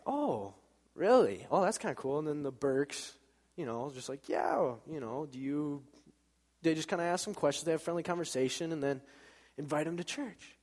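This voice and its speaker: A man's voice: mid-range voice, darkish tone, in a large hall. A man giving an informal church talk, casual and chatty, telling stories and acting out the dialogue. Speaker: church speaker. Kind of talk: informal sermon with storytelling.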